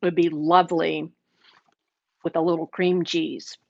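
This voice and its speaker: A woman's voice: low-pitched, flat delivery, unhurried, creaky, darkish tone, no room sound. A woman hosting a casual live cooking demo, chatty and enthusiastic, sometimes talking with her mouth full while tasting. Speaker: cooking show host. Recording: dull lo-fi livestream audio.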